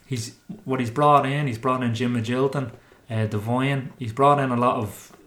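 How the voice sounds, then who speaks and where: An Irish man who is a former footballer, telling lively anecdotes in a casual chat, laughing and swearing. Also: mid-range voice, normal speed. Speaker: former footballer, podcast guest. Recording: roomy echo.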